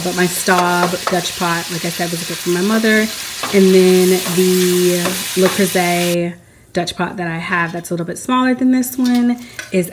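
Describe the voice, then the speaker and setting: A woman chatting casually as a home cooking vlogger, rambling along with frequent small laughs. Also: fairly low pitch. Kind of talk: casual voice-over chat. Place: home kitchen. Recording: clear cooking noise behind.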